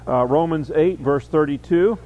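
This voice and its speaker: A man with a slightly higher voice gives a Bible study lecture. He works through words one by one and reads verses aloud with stress, pausing with small fillers as he goes. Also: phone-quality sound. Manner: explains word by word, reads verses aloud with emphasis, frequent fillers. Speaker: Bible teacher.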